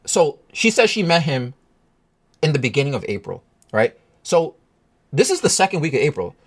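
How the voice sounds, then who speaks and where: Man, husky voice, swinging pitch, upset, rambling storytime vlog. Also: big pitch swings, normal speed. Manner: agitated, rambling, restarts often. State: emotional, upset. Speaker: vlogger telling a personal story. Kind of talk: casual storytime monologue.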